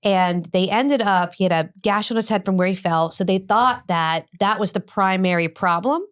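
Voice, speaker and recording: A middle-aged woman talks as a podcast guest, telling a long personal story. She voices the people she quotes with animated shifts, in a voice of middling pitch. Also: normal speed, clear, resonant tone. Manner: animated, acts out quoted dialogue. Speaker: addiction expert guest.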